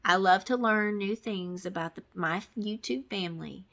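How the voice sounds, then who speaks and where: A woman's voice: medium pitch, normal speed, vocal fry, fairly bright tone. A middle-aged woman from Texas chatting casually to camera in a crafting vlog, rambling with many ums and restarts. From Texas, USA. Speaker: crafting vlogger.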